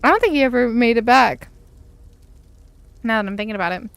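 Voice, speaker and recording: A woman's voice: a little high, animated, fairly quick, gravelly, smooth, no room sound. Female streamer, casual and chatty, laughs easily, talks to her cat mid-game. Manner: chatty, giggly, talks to her pets and family while playing. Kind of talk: casual live-stream chat.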